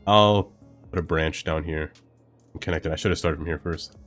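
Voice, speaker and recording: Deep-voiced man chatting over gameplay. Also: steady tone, normal speed, a bit bright, faint music behind. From Brooklyn, New York. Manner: rambling, thinks aloud with many fillers. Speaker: game streamer. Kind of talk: casual gameplay commentary chatting with viewers.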